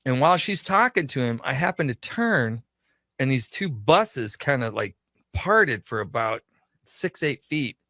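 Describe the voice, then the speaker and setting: A man guesting on a radio talk show, spinning a long anecdote and playing out each exchange of dialogue. His voice sits at an ordinary middle pitch. It is recorded close and dry, with no room sound. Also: sing-song, measured pace, bright, forceful tone, no echo. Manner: chatty anecdotal storytelling, acts out quoted dialogue. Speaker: guest, pop culture shop owner. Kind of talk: radio interview storytelling.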